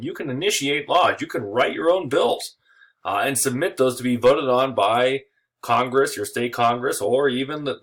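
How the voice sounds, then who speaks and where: A man's voice: mid-range voice, fairly bright tone. A man giving a recorded history lecture in a casual way, with joking asides and frequent filler words. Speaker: history teacher.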